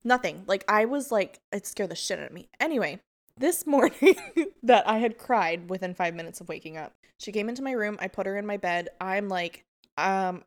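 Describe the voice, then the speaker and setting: A woman's voice: mid-range voice, lively intonation, moderate pace. A young woman hosting a podcast in casual chat, telling stories candidly, swearing and laughing as she goes. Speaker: podcast host.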